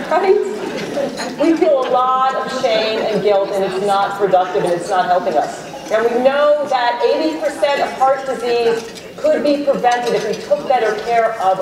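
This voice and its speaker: A middle-aged woman giving an encouraging keynote talk to a live audience in a large hall, sometimes acting out inner voices. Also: sits high. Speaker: keynote speaker. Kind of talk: motivational keynote talk with guided exercise. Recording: very echoey hall, voice from far off.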